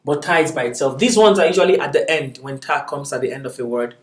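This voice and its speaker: A man's voice: medium pitch, fast talker. A male language teacher giving a patient classroom lecture, checking often that the students follow. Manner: patient, often asks "is that okay?". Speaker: Arabic teacher. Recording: echoey classroom, voice from far off.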